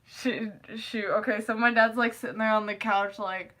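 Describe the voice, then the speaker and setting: Young woman vlogger, bright voice, rambling and giggly, breaks into high squeaky quotes. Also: fairly even intonation, moderate pace, few pauses. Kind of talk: casual chat.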